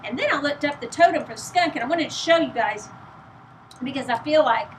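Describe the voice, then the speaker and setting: Chatty Texan woman, weak voice pushed loud. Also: high-pitched, lively intonation, a little fast, a little hiss or hum, rough recording. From East Texas. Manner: speaking loudly to carry, chatty and rambling. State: weak voice from illness, out of breath. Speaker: host. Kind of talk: casual chat to camera.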